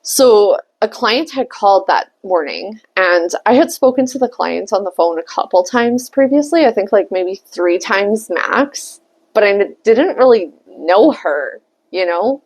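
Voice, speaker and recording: A woman's voice: mid-range voice, animated, unhurried, darkish tone, breathy edge. A woman telling a personal story in a candid, chatty way, swearing freely and laughing often. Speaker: tarot reader and vlogger. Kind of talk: casual storytelling.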